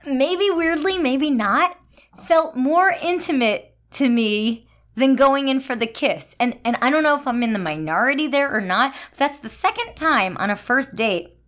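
A woman's voice: high-pitched, lively intonation, moderate pace, a bit bright. Woman podcaster chatting, telling her own story, easygoing and candid. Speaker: podcast co-host. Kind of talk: casual chat and personal storytelling.

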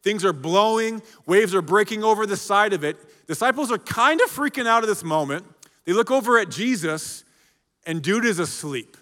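Male pastor, casual conversational sermon, bright and forceful tone, echoey church hall. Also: high-pitched, lively intonation, moderate pace. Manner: conversational, keeps checking in with the congregation.

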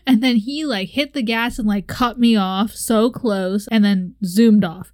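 A young woman co-hosts a relaxed conversation and tells a story with lively energy. She acts out her own reactions and laughs along the way. Her voice sits at an ordinary middle pitch and is recorded close and dry. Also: measured pace, hardly any pauses, no echo. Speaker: podcast co-host. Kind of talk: casual chat, storytelling.

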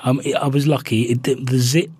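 A man's voice: medium pitch, steady tone, fairly quick, darkish tone, husky, no room sound. A man co-hosting a casual chat podcast, telling rambling stories with lots of restarts. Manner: rambling, chatty storytelling with many restarts. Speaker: podcast co-host.

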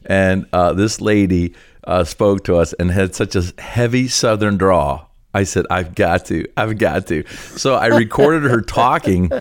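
Canadian man, low pitch, dry studio podcast chat, chatty, laughs often. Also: no room sound. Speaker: podcast co-host, pastor. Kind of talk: casual chat.

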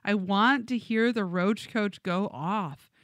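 A woman's voice: medium pitch, slow, fairly bright tone, dry recording. A woman co-hosting a music podcast, reading listener comments aloud with frequent giggles. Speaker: podcast co-host.

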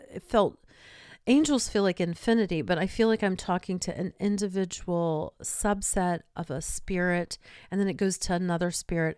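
A woman's voice: mid-range voice, creaky, darkish tone, dry recording, clean studio sound. A woman podcast host telling personal stories in a chatty way, laughing between them. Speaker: podcast host and intuitive medium. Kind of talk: personal storytelling monologue.

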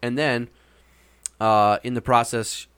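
A man's voice: medium pitch, steady tone, takes it slowly, a bit bright, smooth, dry recording. A man casually telling a long, meandering anecdote with frequent hesitations. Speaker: storyteller. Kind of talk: casual chat.

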